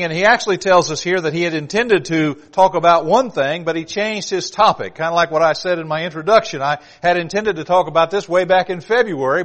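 During an evening sermon, a man whose voice is on the high side and a bit bright reads from scripture with mounting intensity. He hammers his points with strong emphasis.

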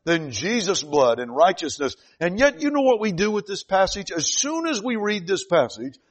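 A man preaching a sermon, reading scripture aloud and swinging between loud, emphatic declarations and quiet, slowed passages. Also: high-pitched, big pitch swings.

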